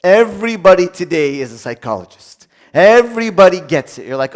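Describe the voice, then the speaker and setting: A middle-aged man preaching a sermon in a loose, conversational way, acting out what people say to each other. His voice sits fairly high and swings widely in pitch. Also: brisk. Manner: lively, conversational, acts out quoted voices.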